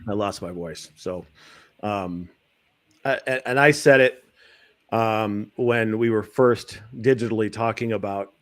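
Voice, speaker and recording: A man chatting casually as a panelist, talking haltingly with many restarts and soft laughs. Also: on the low side, no room sound. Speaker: podcast panelist. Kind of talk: casual chat.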